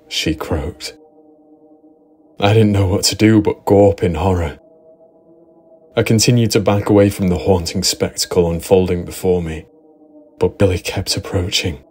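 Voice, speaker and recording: A man narrating a first-person horror story in a steady, dramatic storytelling manner. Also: low voice, breathy edge. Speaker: narrator and writer.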